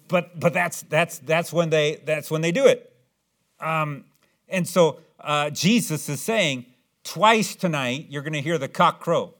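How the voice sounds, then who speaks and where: A man delivers a sermon in a fairly high-pitched voice. He draws out scripture readings slowly and hammers points home by repeating phrases. His delivery rises from quiet explanation to loud, emphatic declarations. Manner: reads scripture aloud in slow, drawn-out cadence. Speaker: pastor.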